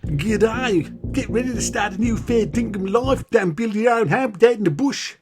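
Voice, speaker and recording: A man putting on an exaggerated, breathy Australian accent to voice a cheery male game announcer. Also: high voice, normal speed, music in the background, pitched above the performer's own voice, natural voice. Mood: hammy cheerful.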